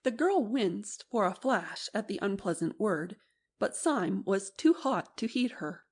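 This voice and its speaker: A woman narrating an audiobook, reading the story's narration calmly. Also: mid-range voice, unhurried, slightly rough.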